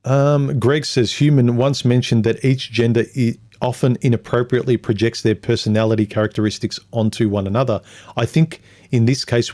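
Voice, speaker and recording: A man with a dark, mellow voice hosts a casual livestream. He reads viewer comments aloud and rambles through his answers, now and then mocking other people in put-on voices. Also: medium pitch.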